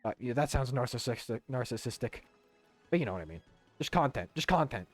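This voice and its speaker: A man's voice: medium pitch, animated, brisk, faint music behind. A young man casually streaming a video game, rambling, swearing and humming to himself. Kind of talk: casual gaming stream chat.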